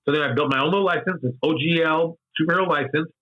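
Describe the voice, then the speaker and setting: Man, 50s, candid interview guest. Husky, repeats himself for emphasis, muffled lo-fi recording. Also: fairly high pitch, fast, hardly any pauses. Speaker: interview guest, game designer. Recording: dull lo-fi sound.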